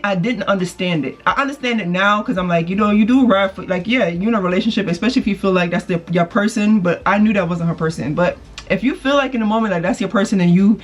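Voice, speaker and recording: A woman's voice: medium pitch, highs cut off. A woman casually telling a personal story on her channel, swearing freely and acting out the people she quotes, while doing her makeup. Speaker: vlogger.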